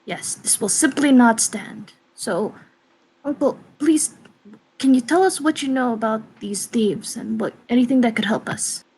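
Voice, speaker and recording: A woman's voice: fairly high pitch, unhurried, darkish tone, slightly rough, poor audio. A woman player speaking in character in a tabletop game, polite and formal.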